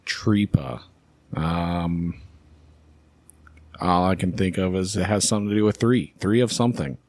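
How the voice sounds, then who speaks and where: A man with a very deep voice guesses his way through a quiz in a casual podcast chat. He hesitates and thinks aloud before he answers. The recording is dry and close. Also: unhurried, a little mellow, no echo.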